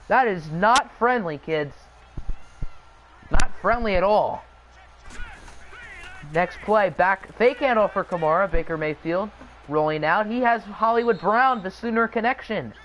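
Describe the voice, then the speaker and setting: Unhurried but animated, a young channel host with a high voice provides live commentary on a sim football game while joking around with his chat. The sound is lo-fi, with a bit of background noise.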